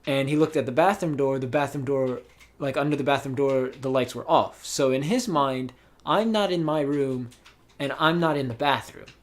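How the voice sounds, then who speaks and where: A man's voice: medium pitch, normal speed. Rambling young man telling a story. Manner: rambling, with many fillers and restarts. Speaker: podcast host. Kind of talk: casual storytelling chat. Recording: voice call.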